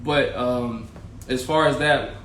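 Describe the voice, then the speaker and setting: Talking slowly in a mid-range, slightly bright voice, a podcast host and former teacher shares his own story in a relaxed, candid way. He uses slang, swears freely, and speaks directly to his viewers. The recording has an echoey room with faint ambience and slight background noise.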